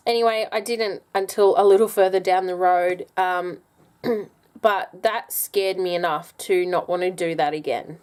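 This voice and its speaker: A woman's voice: fairly low pitch, steady tone, normal speed, darkish tone, clear, resonant tone. A young woman, talking casually and candidly to camera in a personal vlog, with lots of ums and restarts. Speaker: vlogger.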